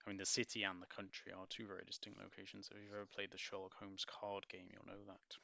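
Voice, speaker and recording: This book reviewer is a man going over a children's play script casually and ramblingly, thinking aloud and correcting himself along the way. His low voice is completely flat, fast, and full of vocal fry, with few pauses and a pushed, bright quality. The recording is dull, lo-fi, and dry, with no echo.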